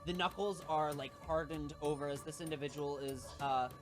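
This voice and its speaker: A man's voice: a little high, steady tone, normal speed, over music. Male game master narrating loosely. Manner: loose, filler-heavy narration.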